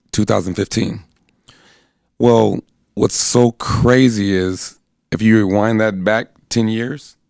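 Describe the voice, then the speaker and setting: Gravelly low-voiced man telling his story. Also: darkish tone, no echo, studio quality. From United States. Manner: earnest, plainspoken, acts out quoted voices. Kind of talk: personal account, conversational.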